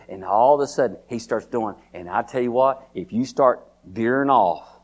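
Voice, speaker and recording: A man preaching a sermon in a folksy, repetitive way, often calling out to listeners by name and rising to a high, excited pitch as he preaches. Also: moderate pace, few pauses.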